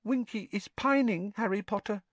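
A man voicing a squeaky, tearful, devoted male house elf in a storybook reading. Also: expressive, moderate pace, no echo. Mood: sad.

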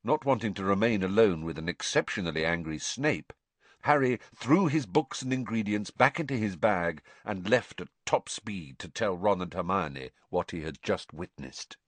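A man reading a novel aloud as an audiobook narrator, measured and expressive. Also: sits low, dry recording.

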